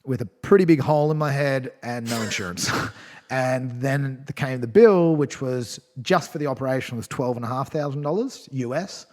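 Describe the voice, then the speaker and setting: A man in his thirties chats loosely as a podcast guest, full of fillers, false starts and casual swearing. His voice sits at an ordinary middle pitch. A long reverb trails each phrase, as if he were recorded in a large hall. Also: moderate pace, a little mellow. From Australia. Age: 30s. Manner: candid and rambling, swears freely, many fillers and restarts. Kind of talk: casual storytelling chat.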